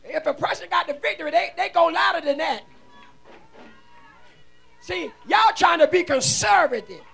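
A man preaching a shouted revival sermon in a church, fervently chanting and exhorting the congregation in call-and-response. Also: very high-pitched, expressive, moderate pace, faint music behind. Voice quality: gravelly, husky. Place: church sanctuary.

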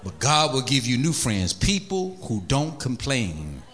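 A man preaching a sermon, exhorting the congregation and mimicking voices. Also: a little slow. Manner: animated, exhorting, mimics voices in high pitch.

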